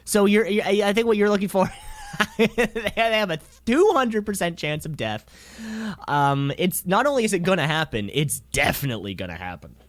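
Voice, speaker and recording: A man's voice: sits high, big pitch swings, normal speed, dry recording. A young man co-hosting a podcast, chatting casually in a rambling, jokey way and laughing often. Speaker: podcast co-host. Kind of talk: casual chat.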